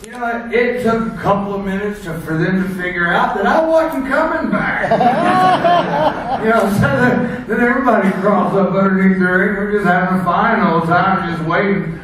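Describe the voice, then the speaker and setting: Over a noisy crowd, a man with a high-sitting, animated voice speaks at a moderate pace in an echoey seminar room. He's an American wrestler telling road stories to an audience, rambling and laughing at his own jokes, picked up by a far-off mic.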